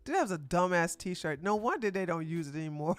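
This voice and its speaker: A woman's voice: on the low side, lively intonation, quick pace, faint music behind. A streamer, likely a woman, giving rambling, mocking reaction commentary.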